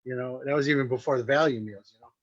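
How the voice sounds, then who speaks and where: A man's voice: mid-range voice, fast talker. A man hosting a casual chat, joking and laughing as he tells stories and acts out quoted voices. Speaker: podcast host. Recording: slightly muffled, dull audio.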